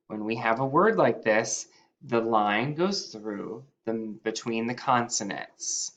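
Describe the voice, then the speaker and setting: Male first-grade teacher, patient and unhurried, lively pitch when sounding out words. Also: lo-fi sound. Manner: sounds out letters and stretches key words upward. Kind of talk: slow, patient phonics lesson.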